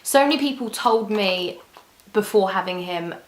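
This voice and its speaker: A woman's voice: mid-range voice, normal speed, a little hiss or hum. A young woman chatting candidly to camera as a vlogger, often restarting her sentences. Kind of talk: casual chat to camera. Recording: echoey room.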